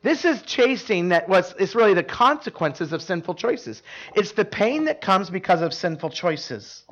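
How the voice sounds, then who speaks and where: Man, pastor, high-pitched voice, casual sermon, full of fillers, quizzes the congregation. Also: sing-song, moderate pace, a bit bright, muffled recording. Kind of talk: conversational sermon. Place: church service before a live congregation.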